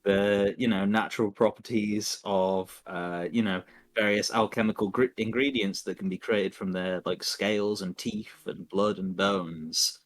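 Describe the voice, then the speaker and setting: A man's voice: fairly low pitch, fairly even intonation, unhurried, hardly any pauses, no echo. A man narrating as dungeon master in a tabletop game livestream, loose and chuckling, full of fillers.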